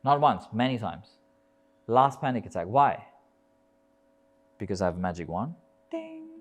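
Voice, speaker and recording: A man with a lowish voice and lively intonation speaks at a normal speed, giving an indoor live motivational talk at a yoga festival as a yoga teacher. He's emphatic, builds rhythmic lists, and swears casually.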